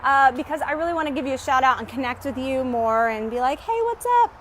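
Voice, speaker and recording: A woman's voice: sits high, animated, fast talker, fairly bright tone, slight background noise. A woman business coach chatting on a live stream while walking home outdoors, upbeat and a little out of breath, often greeting her viewers. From Texas. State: slightly out of breath.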